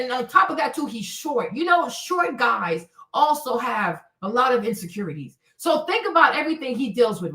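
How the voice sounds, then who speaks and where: A woman hosting a casual livestream, telling stories in an animated, slangy way and acting out the exclamations. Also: a little high, roomy sound, recorded from a distance. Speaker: livestream host. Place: home, in D.C.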